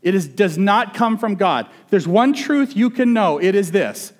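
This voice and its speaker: High-voiced male pastor preaching conversationally. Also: expressive, measured pace. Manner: conversational, asks the congregation questions. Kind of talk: sermon.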